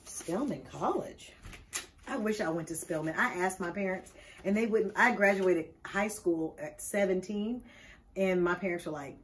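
Chatting casually while unwrapping gifts, a woman with a medium-pitched voice is exuberant, playful, and quick to laugh. A little background noise can be heard.

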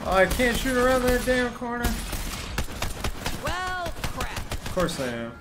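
A man narrating his own gameplay in a slow, drawn-out way, his voice gravelly and bright. His pitch jumps widely as he grumbles and swears at the game. Soft game music plays underneath. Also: wildly swooping pitch, very noisy. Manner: frustrated, swearing and muttering at the game. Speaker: gaming channel host. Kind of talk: gameplay commentary.

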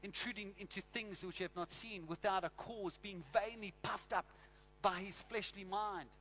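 Brief: South African male preacher, animated storyteller, higher pitched. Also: normal speed, slight background noise. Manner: animated storytelling, acts out scenes. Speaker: pastor. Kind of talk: sermon. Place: church.

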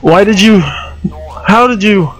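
Young male horror-game streamer, high voice, slow drawn-out delivery, jumpy and swearing, headset mic. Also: poor audio. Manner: jumpy, nervous laughter, swearing, panicky yelps. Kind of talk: live gameplay commentary.

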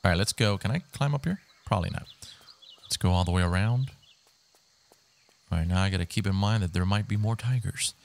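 A young man giving excitable, swearing commentary while he plays a video game on a headset mic. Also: sits low, a little fast, gravelly, long pauses. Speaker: gaming YouTuber. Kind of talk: live gameplay commentary. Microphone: gaming headset.

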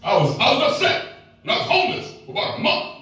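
A man in his fifties preaching a sermon, telling a personal story in a folksy, emphatic way with sudden shouts. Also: very high-pitched, wildly swooping pitch, quick pace. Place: large echoey church hall. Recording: echoey hall, voice from far off.

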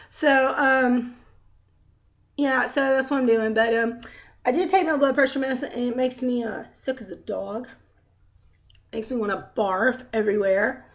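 A woman with a fairly high voice and a gravelly, fried edge talks straight into her camera at home. She rambles through her update candidly and trails off into fillers and side remarks. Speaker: vlogger. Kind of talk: casual personal video update.

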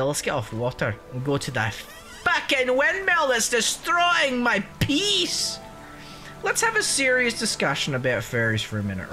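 A man's voice: high voice, sharp tone. A man giving casual, rambling let's-play commentary, swearing freely and joking as he goes. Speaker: gaming channel host.

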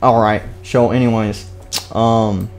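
A man's voice: lowish voice, flat delivery, takes it slowly, a little mellow. A young man narrating a game role-play on a live stream, rambling, goofy and often cutting himself off, into a desk microphone. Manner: rambling, self-interrupting, goofy.

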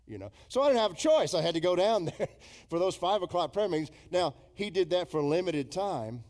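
Animated and a little fast, this middle-aged man preaches a sermon in a church sanctuary. He tells stories with emphasis, mimicking imagined congregants amid large changes in pitch and loudness.

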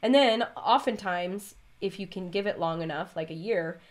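A woman's voice: on the low side, moderate pace. A woman hosting her stitching vlog, chatting casually and rambling off on tangents while she stitches. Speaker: vlog host and cross-stitch designer.

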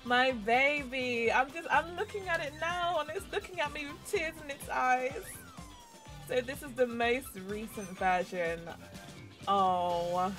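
A young woman streaming a game live, chatting excitedly to the characters on screen and squealing whenever she gets startled. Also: high-pitched, moderate pace. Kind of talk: live gameplay commentary. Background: faint game music.

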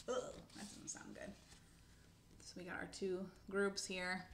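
A woman's voice: on the low side, little pitch movement, unhurried. Woman narrator of a children's book, casual with asides, echoey room, faint hiss. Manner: casual, with spoken asides and self-corrections. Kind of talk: reading a children's book aloud.

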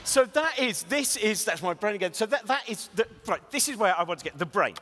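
Animated man rambling through a comic talk. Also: high voice, a little fast, slight background noise. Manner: rambling, self-interrupting, animated. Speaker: comedian giving a talk. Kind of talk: comic lecture. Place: large lecture hall. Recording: reverberant hall.

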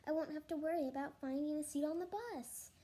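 A woman voicing a panicky, whiny schoolboy who pleads in a high, strained voice. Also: fairly quick, dark tone, lightly acted, poor audio. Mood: pleading.

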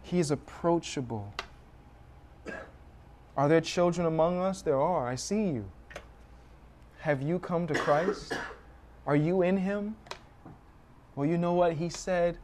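A man's voice: fairly high pitch, slow, pauses often, a little mellow, slight background noise. A young American man preaching a sermon as a guest pastor, telling stories with animation and acting out the cries of children.

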